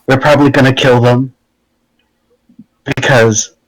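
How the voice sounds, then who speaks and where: A man playing his character in a tabletop game, halting and playful, with many restarts. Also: medium pitch, steady tone, dry recording, low-quality recording. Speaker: player.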